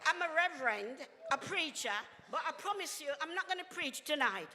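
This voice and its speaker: A woman's voice: high-pitched, lively intonation, normal speed, noisy background. An older woman, a reverend, giving an impassioned, emphatic speech at a community event. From England. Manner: emphatic, preacherly, with exclamations and laughter. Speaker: reverend speaker. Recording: long hall reverb.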